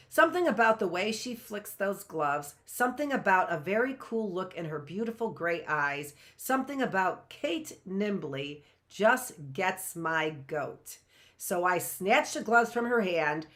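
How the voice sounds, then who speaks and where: A woman hosting a live reading, narrating a novel in an expressive, lively way. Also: mid-range voice, measured pace. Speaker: host reading a book aloud.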